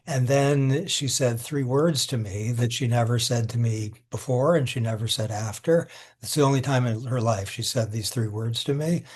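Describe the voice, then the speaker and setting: Older man, husky, thoughtful, halting, emotional, video call interview. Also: medium pitch, a little mellow. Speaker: interviewee, law professor. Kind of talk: reflective interview answers.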